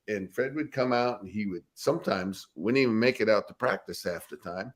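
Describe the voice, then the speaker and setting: Older guy, lowish voice, ex linebacker spinning funny stories, laughs a lot. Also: brisk, few pauses. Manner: laughing, animated anecdotes with acted quotes. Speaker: former pro football linebacker, guest. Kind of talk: casual interview storytelling.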